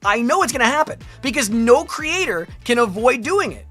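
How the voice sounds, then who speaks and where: Woman, streamer, live reaction chat, animated, rambling, higher voice. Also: normal speed, breathy edge, faint music behind. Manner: rambling, animated, bursts into laughter and shouting. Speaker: streamer reacting to a lore video.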